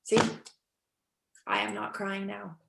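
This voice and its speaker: A woman reading the part of a weary, heartsick young actress in a cold reading over a video call, wistful and shifting between hushed and urgent. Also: mid-range voice, little pitch movement, slow pace, gravelly, heavily acted. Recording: echoey room on a video call.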